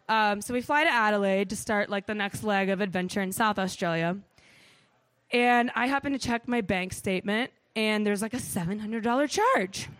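A woman telling a comic travel story on stage, animated, swearing freely and saying "like" a lot. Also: on the high side, no echo. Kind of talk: live comedic storytelling.

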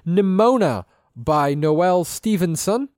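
A man's voice: sits high, lively intonation, slow, a little mellow, no room sound, clean studio sound. A man co-hosting a comedy podcast, playful and goofy, spinning silly stories. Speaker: podcast co-host.

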